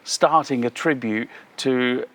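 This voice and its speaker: A man's voice: mid-range voice, fairly bright tone. A man interviewing a guest, listening closely and backing him up with short affirmations and laughs. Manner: attentive, affirming with quick "yes" and laughs.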